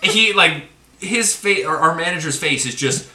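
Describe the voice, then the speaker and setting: A man casually telling a story on a podcast, laughing and acting out quotes loudly. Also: on the high side, lively intonation, normal speed, distant mic, noisy background. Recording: echoey room, voice a bit off-mic, faint ambience.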